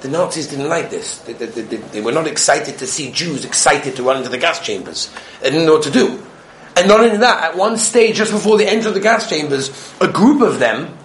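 A man giving a Torah lesson on the weekly portion, telling stories animatedly and moving between loud excitement and hushed tones. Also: fairly high pitch, a little fast, a little hiss or hum. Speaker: Torah teacher.

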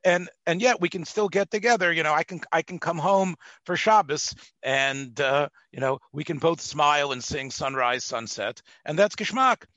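A man hosting an interview, chatty and animated, with Yiddish asides and many fillers. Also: fairly high pitch, moderate pace, few pauses, no echo, highs cut off. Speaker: podcast host, interviewer. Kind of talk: interview conversation.

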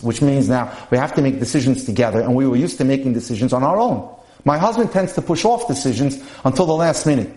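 A man's voice: medium pitch, darkish tone. Man reading case studies, echoey room. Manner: measured reading with asides to listeners. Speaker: podcast speaker on dating and marriage.

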